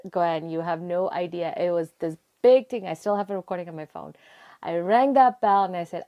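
A young woman telling a personal story in conversation, acting out her own past words with rising excitement. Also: on the low side, moderate pace. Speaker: interview guest.

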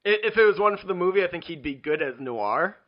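Rambling male podcast co-host, slightly high. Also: animated, fast talker, dull audio. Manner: rambling, fumbling, lots of "like". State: hiccups and burping. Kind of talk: casual podcast chat.

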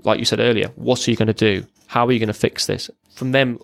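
A man's voice: lowish voice, steady tone, fast, gravelly, no room sound. A man, a military veteran, giving a raw, blunt personal account as a podcast guest, swearing freely and often restarting his sentences.

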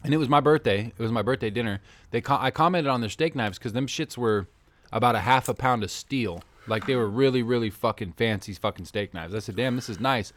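A man hosting a podcast, telling animated stories full of profanity in casual chat. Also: mid-range voice, brisk. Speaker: podcast host.

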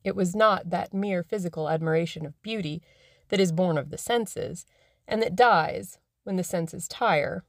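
Low-voiced woman reading a classic novel. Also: measured pace, dry recording, clean studio sound. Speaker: audiobook narrator. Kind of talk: scripted narration.

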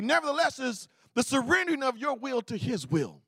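High-voiced, animated male preacher. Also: normal speed, no echo, studio quality. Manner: animated storytelling, acting out voices. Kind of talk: sermon.

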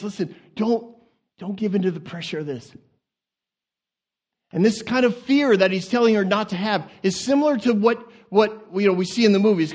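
Lively preacher guy in a church, high voice, laughs a lot, repeats himself. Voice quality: animated, laughing, repeats words when excited. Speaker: pastor. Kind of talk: sermon. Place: church sanctuary.

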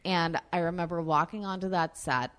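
Low-pitched woman guest, frank storyteller, swears freely, many fillers. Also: fairly even intonation, moderate pace, a bit bright, smooth. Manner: profane, filler-heavy, candid. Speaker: actress, interview guest. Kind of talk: casual storytelling in an interview.

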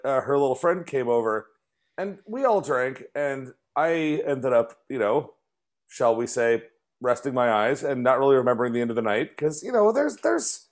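A man in his forties hosting a podcast, telling a story in casual chat and acting out quotes in a high voice. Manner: animated, acts out quotes in a high voice. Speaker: podcast host.

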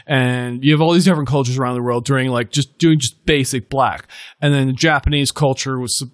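Male podcast host, loose rambling delivery, mid pitch, dry sound. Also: fairly even intonation, brisk, no room sound. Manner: rambling, full of fillers and self-corrections. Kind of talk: casual chat.

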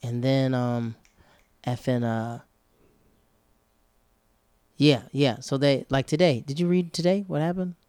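Brief: chatty male co-host, rambling talk, mid pitch, dry close mic. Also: steady tone, slow, pauses often, a little mellow, smooth, no echo. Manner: rambling, chatty, self-correcting. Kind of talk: casual chat.

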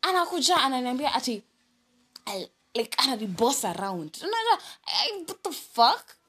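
A young woman with a Kenyan accent telling a story in a casual vlog, animated and mixing English with Swahili slang. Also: high voice, normal speed, slightly rough. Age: young adult. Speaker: vlogger. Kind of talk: storytime chat.

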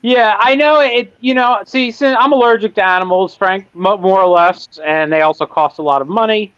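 Higher-voiced male co-host, wry and rambling, dull dry lo-fi audio. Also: normal speed, smooth, no room sound. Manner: rambling, self-correcting, wry. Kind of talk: casual sports chat.

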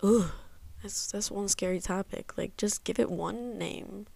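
A woman's voice: mid-range voice, measured pace, gravelly, dark tone, no room sound. A young woman hosting a casual solo podcast, rambling and sarcastic, swearing freely as she rants. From Midwest of the United States. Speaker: podcast host.

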